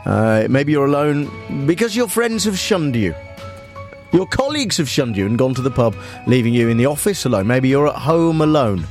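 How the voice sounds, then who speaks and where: A man hosting a spoof talk radio show, rambling and hesitant with a deadpan delivery. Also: mid-range voice, normal speed, soft background music. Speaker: radio host.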